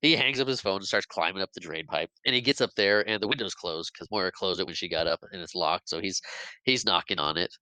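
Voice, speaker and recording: A podcast co-host recapping a film in a chatty, animated way. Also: male voice, low-pitched, quick pace, no echo, low-quality recording. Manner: chatty, animated retelling with acted quotes.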